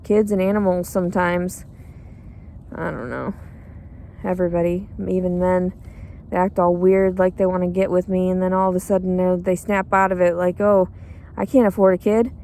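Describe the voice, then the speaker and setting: A woman's voice: lowish voice, little pitch movement, normal speed, warm tone, a little hiss or hum. A tired, cranky woman rambling in a bitter, crude, profane monologue outdoors. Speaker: pregnant homeless woman.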